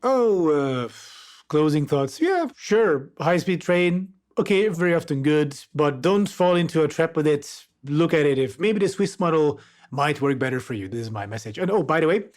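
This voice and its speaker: A man's voice: fairly high pitch, animated, moderate pace, darkish tone. A man from Eastern Europe, a guest on a podcast, chatting casually and animatedly with lots of fillers. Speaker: guest, video creator.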